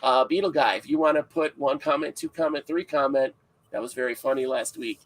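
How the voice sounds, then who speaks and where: A man with a medium-pitched, steady voice hosts a casual livestream podcast at a brisk pace, rambling and joking with frequent laughter while sounding tired. The recording quality is low.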